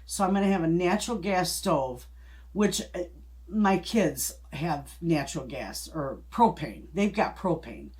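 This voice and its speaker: A woman's voice: lowish voice, lively intonation, measured pace, darkish tone. Folksy middle-aged woman telling a story. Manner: folksy, rambling, with restarts and chuckles. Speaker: homesteading channel host. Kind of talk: casual storytelling chat.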